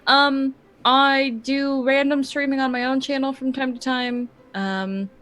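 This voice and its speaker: A woman playing in a tabletop game stream, chatting in a relaxed way with some laughs. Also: sits high, unhurried, clear, resonant tone. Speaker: player. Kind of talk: casual chat.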